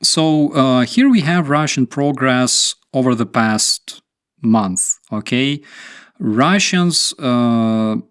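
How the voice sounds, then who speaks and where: A man talks slowly and unhurriedly, chatting with his stream audience. His delivery rambles and turns darkly sarcastic. The sound is dry and close, with no room echo. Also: medium pitch, fairly bright tone, smooth. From Ukraine. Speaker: streamer host. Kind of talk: casual live-stream chat.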